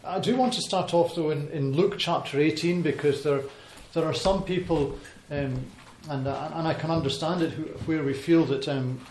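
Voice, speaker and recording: A man's voice: a little high, steady tone, normal speed, few pauses, darkish tone. Hesitant man giving a talk in an echoey hall. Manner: hesitant, many ums and restarts. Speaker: speaker giving a Bible talk. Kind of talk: informal talk to a congregation. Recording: echoey hall with faint noise.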